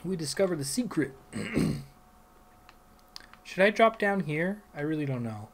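Here a gameplay host offers casual let's play commentary on his own run, drifting through rambling asides and then loudly swearing at enemies. The voice sits a little high and sounds animated, moving a little slowly over a faint hiss or hum.

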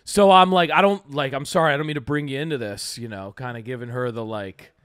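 A man's voice: medium pitch, fairly quick, a bit bright, smooth, no echo. A man co-hosting a comedy podcast, telling a rambling story full of fillers and acting out the lines he quotes.

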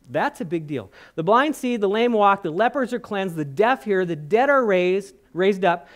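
A man preaching a sermon in church, telling a Bible story with animated acted-out quotes and questions to the congregation. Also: sits high, moderate pace, few pauses. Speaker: guest preacher. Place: church hall.

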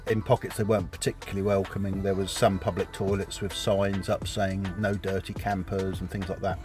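A man's voice: low-pitched, little pitch movement, a little fast, over music. A man narrating a campervan travel vlog in a casual, wry, understated way. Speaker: vlogger. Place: campervan trip outdoors.

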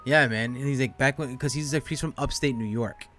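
A man's voice: mid-range voice, brisk, a bit bright, soft background music. A man co-hosting a casual podcast chat, telling a rambling story with lots of swearing and laughter. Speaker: podcast co-host.

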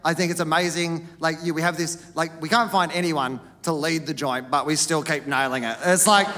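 A man's voice: moderate pace, in a large hall. A man with an Australian accent performing a stand-up comedy set, telling a story animatedly and acting out the people in it. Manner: animated storytelling, acts out characters with big pitch jumps. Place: comedy stage before a live audience.

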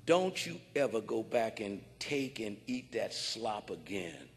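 A man voicing a gentle, caring man who softly coaxes a bird, in a low hushed tone. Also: very animated, a little slow, slight background noise. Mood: coaxing. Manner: low soft coaxing. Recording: long hall reverb.

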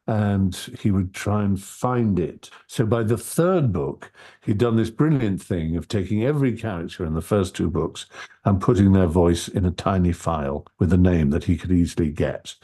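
A man with a low, husky voice and a dark, mellow tone, talking as an interview guest. He tells relaxed stories in an articulate way and keeps circling back to restart his sentences. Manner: articulate storyteller, halting with frequent restarts. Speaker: interview guest, audiobook narrator. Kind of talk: relaxed anecdotal conversation.

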